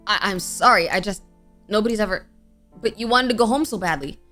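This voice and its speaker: A woman voicing a shy, clingy young male creature with cat ears, speaking softly and hesitantly with stammers. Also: mid-range voice, brisk, soft background music, close to an everyday voice.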